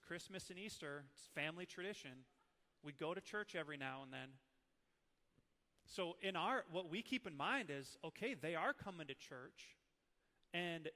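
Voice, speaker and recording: Teaching with emotional, animated anecdotes from his own experience, a preacher from Minnesota in his thirties speaks with a fairly high pitch, and the audio has a big-room quality.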